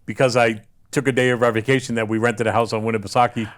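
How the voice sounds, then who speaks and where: A former wrestler, appearing as a guest on a casual podcast, tells rambling stories laced with crude jokes, restarting often. He has a mid-range male voice with a level tone and talks fast.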